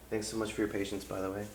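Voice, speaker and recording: A man's voice: fairly low pitch, slight background noise. A man streaming a game live, chatting casually and rambling with lots of fillers, on a desk mic. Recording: roomy room with game music.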